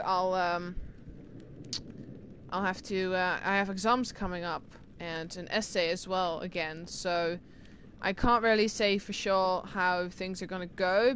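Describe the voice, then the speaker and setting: A woman's voice: on the low side, fairly bright tone, a little hiss or hum. A young woman with an English accent touched by Irish and Scottish sounds, chatting casually to her stream viewers as a gaming streamer, rambling with lots of fillers and restarts.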